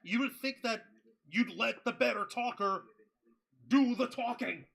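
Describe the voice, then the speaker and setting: High bright-voiced incredulous man. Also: gravelly. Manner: incredulous, profane, quick questions. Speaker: podcast co-host. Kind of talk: casual wrestling review chat.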